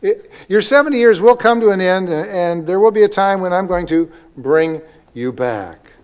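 High-voiced earnest preacher. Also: male voice, animated, darkish tone, smooth. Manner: earnest, often asks the listeners "okay?" and "right?"; reads scripture aloud slowly with emphasis. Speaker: pastor. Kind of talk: sermon, Bible teaching.

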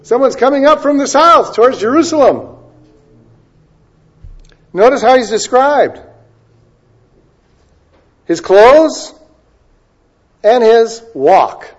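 A male preacher giving a sermon, moving between loud emphasis and quiet asides and stretching key words out slowly. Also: very high voice, very animated. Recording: dull lo-fi recording.

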